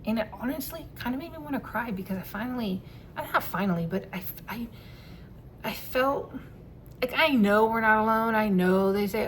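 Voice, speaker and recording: A woman telling a personal story to camera in a casual vlog, candid and quick to swear and laugh. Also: fairly high pitch, animated, a little hiss or hum. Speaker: vlogger.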